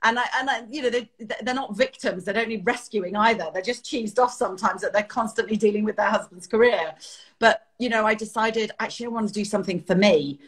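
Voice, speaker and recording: Middle-aged English woman, children's author, interview guest. Husky, lively storyteller. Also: medium pitch, quick pace. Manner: animated storytelling, laughs often. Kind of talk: casual interview chat.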